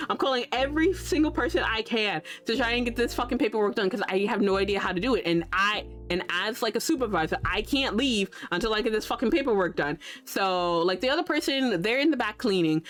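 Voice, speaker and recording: A woman's voice: mid-range voice, expressive, a little fast, a bit bright. Profane, laughing woman ranting on stream. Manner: reenacts her own exasperated reactions. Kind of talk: casual stream chat. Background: faint background music.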